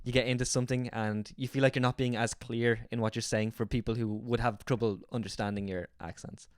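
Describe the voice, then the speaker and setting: A man's voice: mid-range voice, fairly even intonation, fairly quick, clear, resonant tone, dry recording, clean studio sound. A man with an Irish accent, hosting a casual comedy chat show, rambling and correcting himself as he goes. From Ireland. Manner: rambling, self-correcting, laughs often. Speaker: host.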